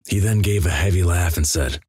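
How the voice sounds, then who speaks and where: A man reading an internet story aloud in a flat, deadpan manner. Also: low-pitched, a little fast, breathy edge, no echo, clean studio sound.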